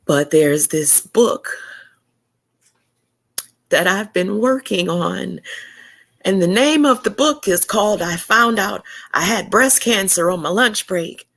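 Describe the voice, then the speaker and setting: A woman's voice: medium pitch, expressive, slow pace, creaky, long pauses, fairly bright tone. A woman hosting a podcast interview, speaking with heartfelt, faith-filled encouragement. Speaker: podcast host.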